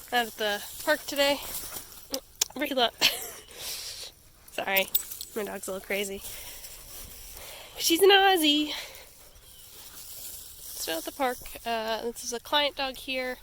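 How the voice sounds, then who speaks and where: A woman's voice: a little high, sharp tone, a little hiss or hum. A woman chatting casually in a home vlog about her pets, rambling and giggling, cooing at the animals. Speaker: pet vlogger. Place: home pet room.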